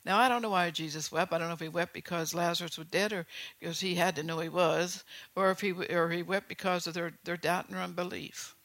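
Delivering a sermon built around scripture reading, this preacher recites Bible passages, explains them with his own testimony, and keeps engaging the audience. The delivery is brisk and steady in tone, medium-pitched and fairly bright, with no echo.

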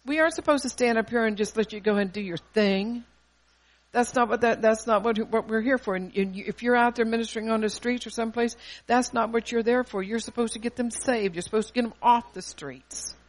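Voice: mid-range voice, fairly quick. Older preacher, emphatic and bold. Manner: emphatic, scripture-quoting, rhetorical questions. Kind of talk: sermon.

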